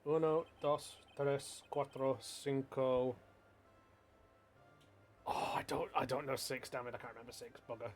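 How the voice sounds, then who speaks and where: A man's voice: medium pitch, steady tone, unhurried, long pauses, slight background noise. A man streaming a video game with casual, profane, joking commentary. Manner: profane, jokey.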